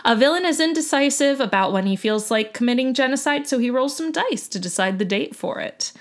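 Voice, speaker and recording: A podcast co-host with a high voice talks fairly quickly and animatedly. Her casual, loose chatter is full of laughs and filler words like um.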